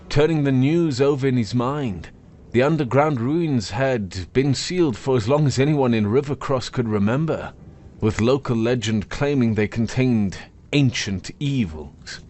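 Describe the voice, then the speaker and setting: Slow, expressive male storyteller. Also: mid-range voice, faint music behind. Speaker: narrator. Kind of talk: storybook narration.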